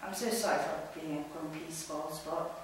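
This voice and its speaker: A woman voicing a grumpy, sulky male puffer fish in a children's storybook reading, speaking quietly and mopily. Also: low-pitched, fairly even intonation, normal speed, slight background noise, lightly acted. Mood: grateful. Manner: quiet, mopey. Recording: echoey room, distant mic.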